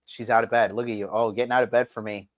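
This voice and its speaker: A man hosting a live stream, ranting crudely and mockingly, his voice swinging from loud outbursts to low mutters. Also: flat delivery, fast talker, dry recording, dull audio. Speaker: livestream host. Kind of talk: crude provocative livestream rant.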